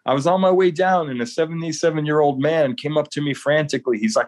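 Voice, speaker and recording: A man's voice: a little high, fast talker, hardly any pauses, a little mellow. A man talking earnestly as an interview guest, often repeating words as he speaks. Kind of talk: casual interview talk.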